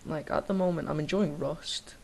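A man's voice: on the high side, moderate pace, gravelly, slight background noise. A young man with a Scottish accent, chatting casually and rambling about games in a laid-back, slangy way. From Scotland.

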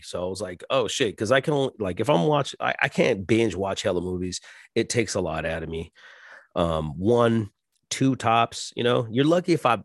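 A man's voice: on the low side, no echo, studio quality. A man in his forties rambling crudely through a casual monologue, swearing constantly and slipping into mimicked voices. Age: 40s. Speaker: podcast host.

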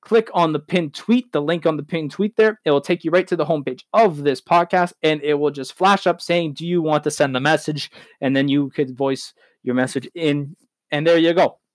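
A man's voice: a little high, moderate pace, no echo. A man hosting a solo sports talk podcast, rambling, heated and correcting himself as he goes.

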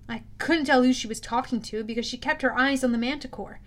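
Audiobook read by a woman with a high voice, steady and plain. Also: brisk. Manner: steady storytelling with small self-corrections. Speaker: audiobook narrator. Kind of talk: audiobook narration.

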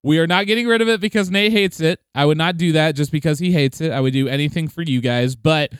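A chatty man co-hosting a podcast, his voice a bit higher than most and very clear. He laughs often and slides into playful put-on accents. The sound is dry and close. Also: fast, dry recording. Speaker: podcast co-host. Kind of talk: casual chat.

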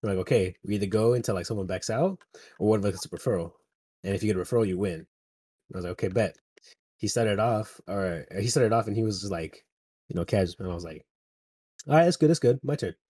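Husky-voiced young guy, casual banter. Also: lowish voice, fast, no echo, studio quality. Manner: animated storyteller, laughs a lot, swears freely. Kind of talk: casual chat with friends.

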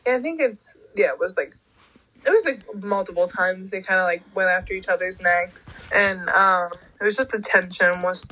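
A young woman guest chats casually in a bright, sharp-edged voice. She rambles loosely, full of filler words and giggles. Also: medium pitch, normal speed, rough recording. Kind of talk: casual chat.

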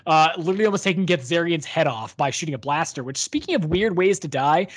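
A podcast co-host with a husky voice on the high side talks fast and animatedly while retelling a book's plot. It's a casual book discussion, rambling and heavy with filler words.

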